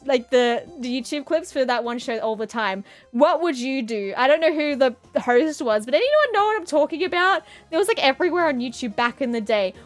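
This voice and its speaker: A woman streamer chatting casually on a live stream, rambling through playful tangents with frequent giggles. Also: high voice. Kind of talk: casual live-stream chat while drawing.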